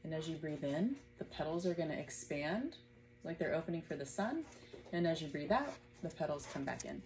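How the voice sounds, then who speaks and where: A woman's voice: deep voice, big pitch swings, fairly quick, darkish tone, soft background music. Patient woman guiding a home yoga class. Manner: patient, encouraging, guiding breaths aloud. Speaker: yoga teacher. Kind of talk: gentle home yoga class with her child.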